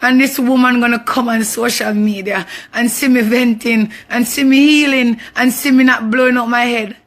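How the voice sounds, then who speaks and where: Fierce high Jamaican woman. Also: fairly even intonation, moderate pace. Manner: fierce, indignant, repeats lines for emphasis. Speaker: abuse survivor speaking out. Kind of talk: impassioned social media rant.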